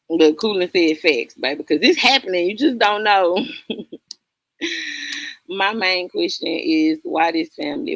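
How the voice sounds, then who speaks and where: A blunt woman with a Southern accent talks straight to her chatters on a casual livestream, her voice gravelly and full of swinging pitch. She laughs often between points. The sound is dry and close, with no room around it. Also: no echo. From Southern United States. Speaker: livestream host reading chat.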